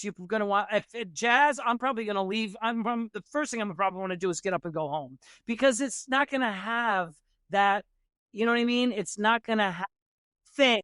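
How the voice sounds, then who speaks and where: A man's voice: high voice, fairly bright tone, smooth, no echo, clean studio sound. A man, a jazz musician and podcast guest, telling stories in a rambling way, restarting sentences and saying "you know" a lot. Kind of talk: conversational storytelling.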